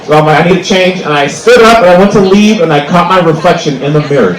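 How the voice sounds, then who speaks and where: A man's voice: a little high, fast talker, roomy sound, rough recording. A young adult man doing a stand-up comedy set on an outdoor stage, rambling with many "like"s and restarts, into a handheld mic.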